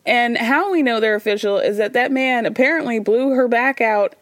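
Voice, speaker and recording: A woman's voice: on the high side, moderate pace, no room sound. A young woman hosting a podcast, recapping reality TV in a chatty, sassy and profane way. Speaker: podcast host. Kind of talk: casual pop culture recap.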